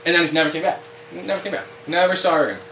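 Racing along in a fairly high voice, a man co-hosting a casual podcast rants animatedly, rambling and cursing. The mic is distant, with a little hiss or hum, a roomy echo and faint ambience.

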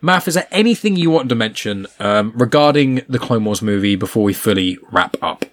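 A man hosting a podcast in casual chat, animated and emphatic with strong opinions. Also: lowish voice, brisk. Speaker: podcast host.

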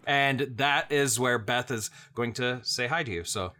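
A man's voice: medium pitch, a little slow, pushed and bright. A man running a tabletop game as game master, describing scenes loosely, searching for words as he goes.

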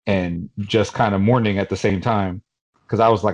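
A man from Queens, New York, co-hosting a podcast in casual chat, telling stories in an animated, rambling way with lots of fillers. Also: fairly low pitch, moderate pace, lo-fi sound. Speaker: podcast co-host.

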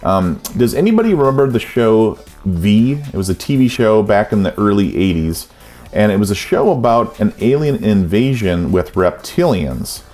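Brief: middle-aged male podcaster, low voice, loose rambling chat full of fillers. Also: big pitch swings, normal speed, darkish tone. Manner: rambling, frequent ums and uhs. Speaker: podcast host. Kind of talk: casual podcast monologue.

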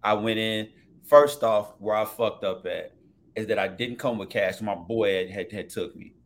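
A man telling a story in casual chat, animated and profane, often laughing. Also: fairly low pitch, moderate pace, a little hiss or hum.

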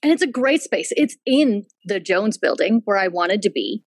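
A woman, a henna artist and business owner, telling a story in casual chat, animated, laughing and swearing freely. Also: mid-range voice, moderate pace, no room sound, low-quality recording. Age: adult with a child.

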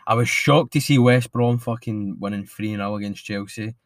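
A man's voice: on the low side, normal speed, no echo. A man co-hosting a football podcast, talking bluntly with lots of swearing. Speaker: podcast co-host. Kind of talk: casual football chat.

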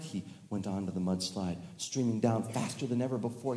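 A man telling a children's story live, playful and animated, with sound effects and laughter. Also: medium pitch, brisk, few pauses. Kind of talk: live storytelling to a family audience. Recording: echoey hall with long reverb.

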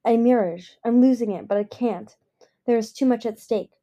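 A woman's voice: a little high, normal speed, dark tone, highs cut off, natural voice. A woman voicing a desperate young female dragon on the run, pleading and tearful. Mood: anxious.

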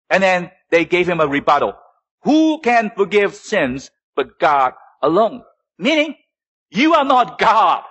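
A pastor preaching a sermon, a man with a slightly higher than usual voice. He keeps asking his listeners rhetorical questions and answers them himself. His voice swings from low, quiet statements to raised, emphatic ones. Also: poor audio. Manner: preaching with rhetorical questions and sudden rises and drops in pitch.

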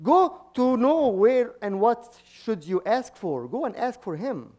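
High-voiced priest preaching, halting restarts. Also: male voice, very animated, darkish tone. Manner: frequent restarts and repeated words, chuckling asides. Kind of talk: sermon.

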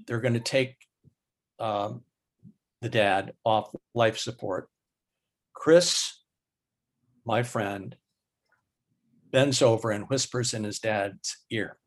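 Slow, husky-voiced man telling a story. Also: fairly low pitch. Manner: slow, halting delivery with many fillers. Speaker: guest. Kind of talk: storytelling in an interview.

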